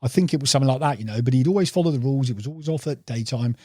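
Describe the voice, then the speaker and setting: Fast-talking angler man. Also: mid-range voice, warm tone, breathy edge, no echo, clean studio sound. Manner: rambling anecdotes, says "mate" a lot. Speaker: podcast guest, carp angler. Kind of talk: casual storytelling interview.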